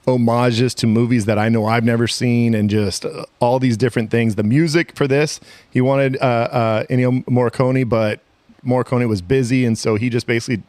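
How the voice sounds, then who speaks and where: A man's voice: mid-range voice, steady tone, moderate pace, a little mellow, no room sound. Podcast host, man, casual rambling chat, dry close mic. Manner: laughs often, rambling. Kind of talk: casual movie discussion.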